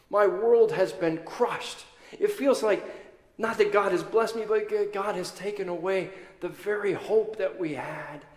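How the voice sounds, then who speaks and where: A man's voice: high-pitched, roomy sound, long reverb tail. A man preaching an Easter sermon as pastor, telling the story dramatically and acting out its people. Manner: animated storytelling, acting out the disciples and Mary.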